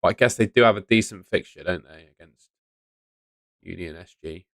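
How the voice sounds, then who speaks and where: A young man talks through fantasy football picks on a live stream, chatty and relaxed as he answers his viewers. His voice sits fairly low and the studio mic sound is dry and close, with little room around it. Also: normal speed, gravelly, no echo. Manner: chatty, answers chat messages. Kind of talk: casual live-stream commentary. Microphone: studio microphone on stand.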